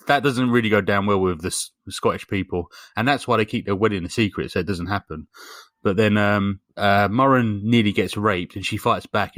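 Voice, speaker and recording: A fairly low-voiced man recaps a film for his podcast co-hosts, meandering through the plot with frequent ums and crude asides. His voice sits close and dry on the mic, with no room sound around it. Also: a bit bright, no room sound. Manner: rambling storyteller with lots of fillers and swearing. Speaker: podcast co-host. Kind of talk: casual comedic film recap.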